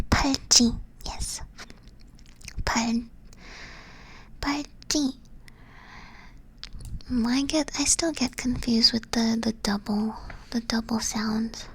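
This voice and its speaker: A woman whispering softly in an ASMR stream, patiently teaching and correcting herself as she goes. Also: fairly high pitch, fairly even intonation, slow, gravelly, pauses often, a little hiss or hum, poor audio. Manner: soft unvoiced whisper, patient, self-correcting. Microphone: close ASMR microphone.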